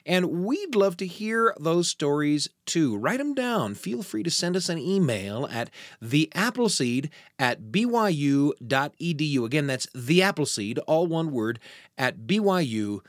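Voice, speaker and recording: Male host, slightly higher voice, dry close studio sound. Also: sing-song, measured pace, dry recording. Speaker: radio show host. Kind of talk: scripted program hosting.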